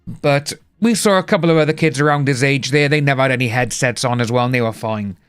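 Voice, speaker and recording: A man's voice: mid-range voice, fast talker, clear, resonant tone. A young British man chatting casually on a live stream, rambling and greeting viewers by name. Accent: British English. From United Kingdom.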